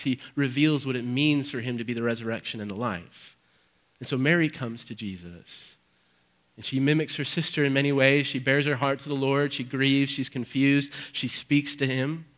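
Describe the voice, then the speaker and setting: In a church, a male pastor preaches an Easter sermon, reading scripture with dramatic weight and shifting between loud, emphatic stretches and hushed, low ones. The recording quality is low.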